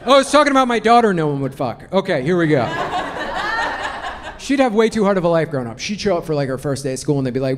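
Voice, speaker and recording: A man's voice: fairly high pitch, big pitch swings, quick pace. A man doing a stand-up comedy set on stage, brash and profane, telling punchy stories into a handheld mic. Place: comedy club stage before a laughing audience. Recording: noisy live club recording. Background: audience laughter.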